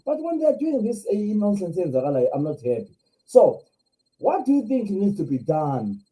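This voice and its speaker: A man's voice: high-pitched, huge pitch swings, measured pace, mellow, rough recording. A Zimbabwean man hosting a live stream, speaking with passion, repeating himself and firing off rhetorical questions. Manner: impassioned, repetitive, rhetorical questions. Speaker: live show host.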